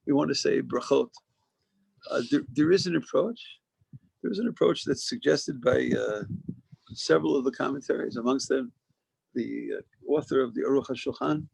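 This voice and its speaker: Gravelly, husky male rabbi lecturing. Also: medium pitch, darkish tone, dry recording, rough recording. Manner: conversational, discursive, restarts phrases for emphasis. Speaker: rabbi teaching a class. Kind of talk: informal Torah lecture.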